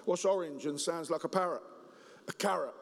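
A man preaching a humorous Christmas sermon, joking and telling stories in an animated way. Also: a little high, normal speed, gravelly, crowd noise. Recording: reverberant hall.

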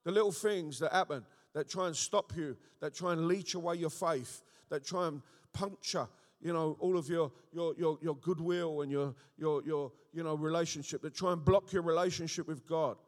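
A man preaching an animated sermon, often checking in with his listeners. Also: a little high, moderate pace, hardly any pauses. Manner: animated, rhetorical, frequent call-and-response checks. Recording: echoey hall with long reverb.

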